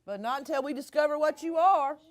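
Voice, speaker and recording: A woman's voice: high voice, brisk, natural voice. A woman voicing a friendly, cheerful male frog in a children's picture book, with a bouncy, chatty way of talking.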